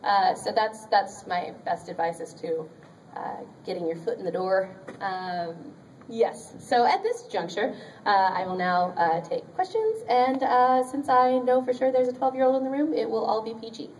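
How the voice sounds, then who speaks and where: A woman's voice: fairly high pitch, moderate pace, a little mellow, slight background noise. Chatty woman on a convention panel, distant. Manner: chatty and upbeat, frequent ums and laughs. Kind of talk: convention panel talk giving career advice. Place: convention panel room with an audience. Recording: distant audience recording in a convention room.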